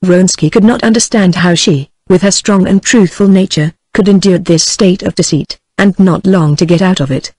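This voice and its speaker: A text-to-speech woman's voice with a British English accent, reading a novel aloud in an even, uninflected way. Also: on the low side, normal speed, few pauses, slightly rough, no echo, poor audio. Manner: even, uninflected reading of dialogue and narration alike. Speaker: narrator. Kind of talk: text-to-speech audiobook narration.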